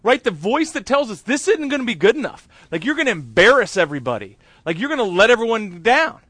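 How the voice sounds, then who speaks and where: A man's voice: high voice, sing-song, fast, fairly bright tone, breathy edge, dry recording. A man preaching a conversational sermon, telling a candid, self-deprecating story with chatty asides. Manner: chatty with many fillers and asides. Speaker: pastor.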